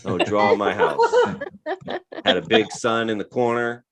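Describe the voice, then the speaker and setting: A man's voice: on the low side, fairly even intonation, measured pace, a loud crowd. A man of thirty doing a stand-up comedy set, grumbling and exasperated, slipping into mocking voices. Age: 30s. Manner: grumpy, exasperated delivery with mocking character voices. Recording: live show with audience laughter.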